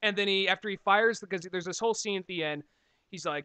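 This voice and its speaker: A man's voice: sits high, sharp tone, clear, resonant tone, no echo. A man in his twenties co-hosting a podcast, chatting about movies in a joking, profane way. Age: 20s. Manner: joking, profane, quick to laugh. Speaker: podcast co-host. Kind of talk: casual movie chat.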